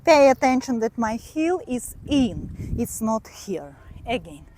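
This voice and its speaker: A woman's voice: fairly high pitch, big pitch swings, takes it slowly. Woman counting out a belly dance class. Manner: counts beats aloud and cues body posture. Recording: loud background noise.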